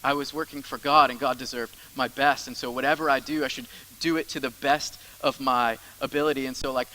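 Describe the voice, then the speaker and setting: A man's voice: medium pitch, fairly even intonation, fairly quick, sharp tone, low-quality recording. A man preaching a sermon as the church's pastor, in a conversational style with asides and repeated phrases.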